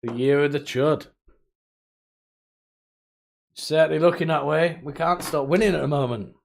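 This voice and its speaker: A male streamer talks casually to his chat, wandering from point to point and peppering his talk with swearing and little laughs. His voice sits a little high for a man. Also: normal speed, gravelly. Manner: rambling, profane, laughing. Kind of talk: casual live-stream commentary.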